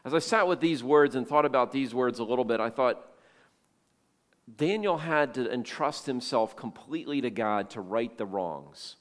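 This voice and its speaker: A man's voice: medium pitch, animated, normal speed. Man preaching a sermon in a reverberant hall. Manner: storytelling, acting out quoted voices. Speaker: pastor.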